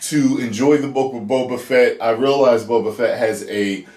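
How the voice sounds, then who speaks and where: A man's voice: mid-range voice, steady tone, moderate pace, darkish tone. Chatty man reviewing a show, roomy sound. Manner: chatty, emotional, chuckles as he talks. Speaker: YouTube reaction reviewer. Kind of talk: casual review monologue. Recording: roomy echo.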